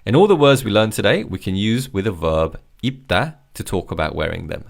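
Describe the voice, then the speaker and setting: Lively low-voiced man teaching vocabulary. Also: quick pace. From Korea. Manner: patient, clear explanations with repeat-after-me drills. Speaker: language teacher. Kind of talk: scripted language lesson.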